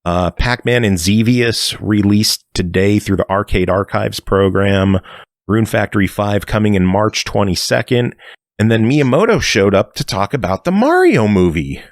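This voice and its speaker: A man's voice: lowish voice, lively intonation, moderate pace, no room sound, studio quality. A man hosting a casual gaming podcast, running through the week's news with fillers and the odd swear.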